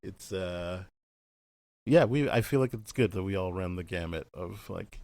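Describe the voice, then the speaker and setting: Low-voiced laid-back man. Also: gravelly, darkish tone, dry recording. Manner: laid-back, many drawn-out "um"s. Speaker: podcast host. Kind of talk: casual chat.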